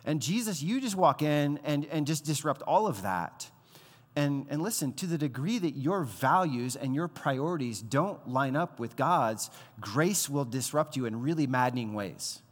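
A man in his thirties preaching a sermon as pastor, conversational and animated, acting out the voices he quotes. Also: a little high, normal speed. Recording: long hall reverb.

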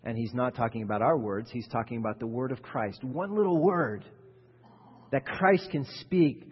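A man's voice: medium pitch, animated, a little fast, husky, long reverb tail, muffled recording. A male pastor giving a sermon in a conversational style that builds to emphatic peaks.

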